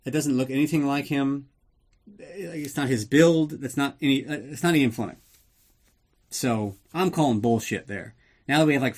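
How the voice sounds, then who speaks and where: Sarcastic, profane male podcast host. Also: mid-range voice. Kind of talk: casual movie recap.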